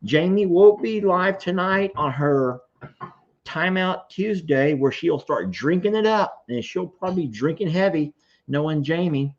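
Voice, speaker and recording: Lively man hosting a livestream. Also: on the high side, unhurried. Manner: animated, chatty, reads comments aloud. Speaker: farm livestream host. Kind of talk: casual livestream chat. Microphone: computer microphone. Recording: dull lo-fi livestream audio.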